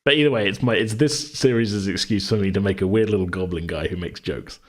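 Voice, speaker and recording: Low-ish guy rambling casually about his game, lots of little laughs. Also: a little fast. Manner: relaxed, rambling, laughs often. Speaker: game master and podcast host. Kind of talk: casual chat.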